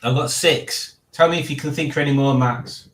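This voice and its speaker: A man's voice: mid-range voice, steady tone, moderate pace, fairly bright tone, reverberant. A man hosting a live stream from home, casually chatting and reading out the chat with dry, playful teasing. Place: home room.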